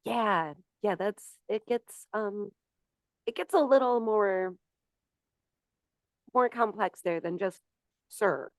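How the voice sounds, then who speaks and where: A woman's voice: medium pitch, animated, slow pace, pauses often, no echo. Middle-aged woman, podcast co-host, casual anecdotes, dry sound. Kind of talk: casual chat.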